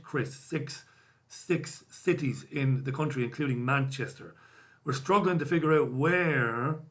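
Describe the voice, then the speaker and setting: An Irish man hosting a live stream, chatting casually and wryly as he reads out viewer comments. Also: on the high side. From Ireland. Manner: casual, wry, self-deprecating banter. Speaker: host.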